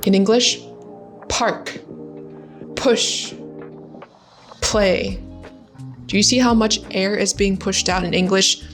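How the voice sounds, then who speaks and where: Bright, positive young woman teaching pronunciation. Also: medium pitch, fairly even intonation, soft background music. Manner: bright and positive, demonstrates sounds slowly. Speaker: language-learning YouTuber. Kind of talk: casual teaching vlog.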